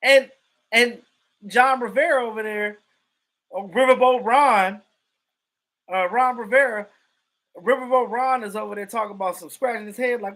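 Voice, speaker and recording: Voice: mid-range voice, moderate pace, pauses often, fairly bright tone. A live stream host giving casual sports commentary and greeting chat viewers. The host is emphatic and profane and repeats points for effect.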